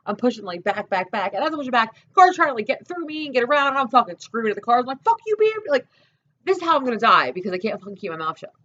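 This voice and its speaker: Fast-talking, foul-mouthed woman vlogging. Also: a little high, lively intonation, bright, forceful tone, lo-fi sound. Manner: profane, rambling, self-deprecating. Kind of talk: casual rambling vlog. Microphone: camera mic.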